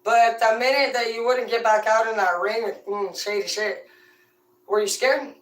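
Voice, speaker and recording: A woman who reads tarot and hosts her own channel rants casually in a brash, profane, rambling way. Her voice is fairly high and fairly even in intonation at normal speed, recorded in an echoey room far from the mic.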